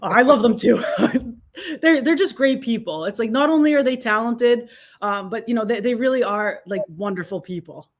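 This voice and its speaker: A woman's voice: fairly high pitch, moderate pace, a little hiss or hum. A woman guest answering interview questions, grateful and giggly, often restarting on her first words. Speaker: guest filmmaker.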